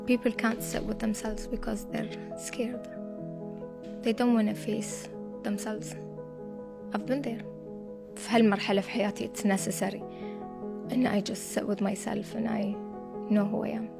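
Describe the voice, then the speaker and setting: A woman's voice: medium pitch, little pitch movement, normal speed, vocal fry, long pauses. A young woman, talking in a firm, self-assured and emphatic way about her own life. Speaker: interviewee in a played clip. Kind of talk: reflective personal talk, mixing Arabic and English. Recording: background music under the clip.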